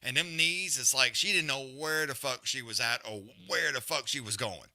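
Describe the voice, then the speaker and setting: A man's voice: mid-range voice, normal speed, sharp tone. A man hosting a live fight watch-along, breaking down the action in loose, profane, slangy commentary.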